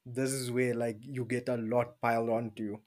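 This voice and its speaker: A man's voice: medium pitch, little pitch movement, moderate pace, a little mellow. A man hosting a podcast, laid-back and teasing, slangy in casual chat. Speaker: podcast host.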